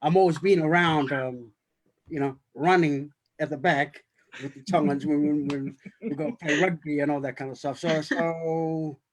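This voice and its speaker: A writer-director on a cast panel tells a rambling story over a video call, halting and full of fillers and restarts. His voice is on the high side with a steady tone.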